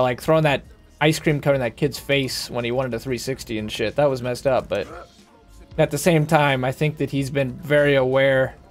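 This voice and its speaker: A young man streaming a game, ranting casually and heatedly with lots of swearing, rambling from thought to thought. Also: mid-range voice. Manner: profane, rambling, heated and emphatic. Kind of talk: casual rant while playing a game.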